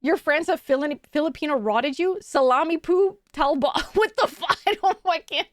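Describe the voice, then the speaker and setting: A woman's voice: high voice, lively intonation, normal speed, no room sound, clean studio sound. A woman streamer chatting casually with her viewers, laughing often and swearing freely.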